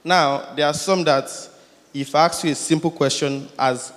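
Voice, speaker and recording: A man from the audience asks a question at a conference and tells his story in an animated way, with laughing asides. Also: fairly high pitch, normal speed. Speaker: audience member asking a question. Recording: hall with long reverb.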